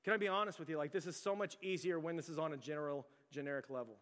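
A man's voice: fairly high pitch, rapid-fire, a bit bright, in a large hall. A man preaching a sermon in an earnest, conversational way, leaning on "like" as he talks. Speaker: pastor.

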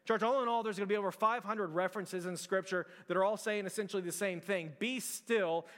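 A man's voice: high-pitched, fairly quick, hardly any pauses, fairly bright tone, clear, resonant tone, in a large hall. A male pastor preaching a conversational sermon, with frequent restarts and fillers.

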